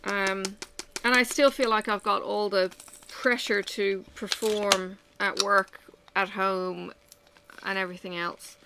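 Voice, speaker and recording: A woman's voice: mid-range voice, steady tone, takes it slowly, noisy background. A woman chatting at home while she works on a craft, venting candidly about her day with frequent sighs. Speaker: vlogger. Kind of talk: casual chat while crafting.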